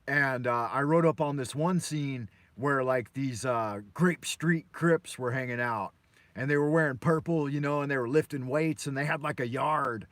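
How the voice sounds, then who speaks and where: A man's voice: mid-range voice, moderate pace, fairly bright tone, no echo. An American man from Los Angeles hosting a live morning show from his car, telling stories in a loose, profane, meandering way. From Los Angeles, USA. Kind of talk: rambling live-stream storytelling.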